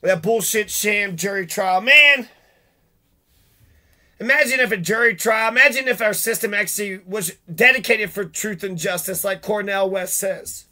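A man's voice: sits high, normal speed, bright, forceful tone. A man venting in a profane, sarcastic, rambling monologue, swearing often and mocking the people he is angry at. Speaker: vlogger.

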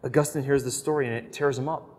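A man lecturing on scripture with earnest storytelling, his voice sitting at an everyday middle pitch. He swings between emphatic stress and quiet, hushed phrases. A long hall reverb trails behind every sentence. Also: steady tone, quick pace.

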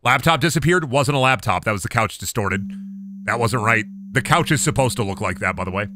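A man streaming a horror game, talking to himself with profane jokes and sudden shouts. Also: lively intonation, fairly quick, soft background music. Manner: profane, jokey, talks to himself while playing; sudden high-pitched shouts and sing-song bits. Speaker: gaming streamer. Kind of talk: live-stream gameplay commentary.

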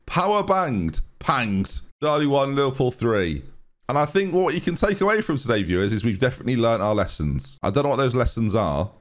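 Young man, gaming commentator, dry sarcastic rambling, very lively pitch. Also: a little fast. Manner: sarcastic, self-mocking, rambling with frequent restarts. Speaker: gaming YouTuber. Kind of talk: live commentary over a football management game.

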